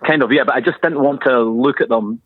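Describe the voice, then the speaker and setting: A man's voice: mid-range voice, brisk, slightly rough, no echo. A Scottish man in his thirties, a guest calling in, cheeky and self-deprecating. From Scotland. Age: 30s. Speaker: guest on the phone. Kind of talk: casual phone chat. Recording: phone line with faint noise.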